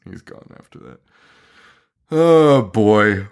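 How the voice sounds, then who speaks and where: A man's voice: fairly low pitch, expressive, slow pace, gravelly, clean tone. Laughing, profane man recapping a film. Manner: laughing, profane, tangent-prone. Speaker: podcast co-host. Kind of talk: casual chat recapping a film.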